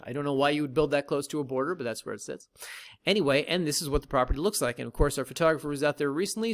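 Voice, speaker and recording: Guy doing a land sales video, kinda high voice, jokey asides. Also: fairly bright tone. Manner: wry, joking asides, talks straight to viewers. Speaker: land company host. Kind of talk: casual sales vlog.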